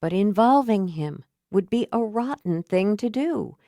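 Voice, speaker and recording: Reading a thriller audiobook from a script, a woman keeps her storytelling steady and measured. Her voice sits in the mid range, and the recording is dry and cleanly studio-made.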